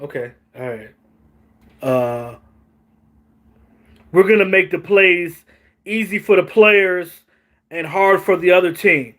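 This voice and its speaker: A man's voice: high voice, slow pace, pauses often, fairly bright tone. A man mimicking a flustered new head coach who mumbles through a press conference.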